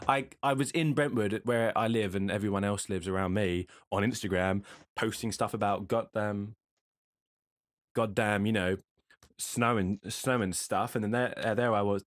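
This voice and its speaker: A man's voice: fairly low pitch, fairly even intonation, normal speed, no room sound. A man co-hosting a casual podcast, telling stories in a rambling way with lots of fillers and restarts. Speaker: podcast co-host. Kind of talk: casual chat. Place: home streaming setup.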